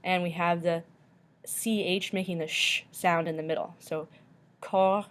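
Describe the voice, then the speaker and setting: A woman teacher slowly walking through a pronunciation lesson, repeating each word carefully. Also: on the low side, little pitch movement, a bit bright.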